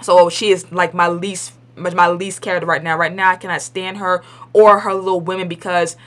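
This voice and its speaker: A woman's voice: lowish voice, flat delivery, brisk, fairly bright tone. Chatty young woman giving blunt opinions. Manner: chatty and rambling, full of "like" and restarts; blunt and opinionated, with colloquial grammar. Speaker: vlogger reviewing a TV episode. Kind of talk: casual spoken review.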